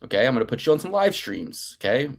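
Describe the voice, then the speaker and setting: A man's voice: medium pitch, very animated, fast. A man in his thirties hosting a betting picks show, talking in a rambling, profane, playfully grandiose way. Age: 30s. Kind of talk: casual podcast banter.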